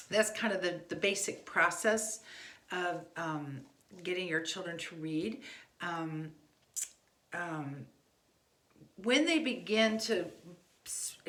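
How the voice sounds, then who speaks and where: A woman's voice: fairly low pitch, fairly bright tone, reverberant. A woman giving casual homeschool reading advice to parents, talking loosely with many fillers and restarts. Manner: conversational, frequent fillers and restarts. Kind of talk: casual instructional talk.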